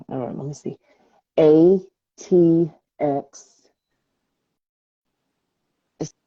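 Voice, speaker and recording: Woman on a live stream, slow and flustered, muffled dry phone audio. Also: mid-range voice, warm tone, breathy edge, dry recording. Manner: frustrated, talking to herself while fixing tech. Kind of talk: casual live stream chat.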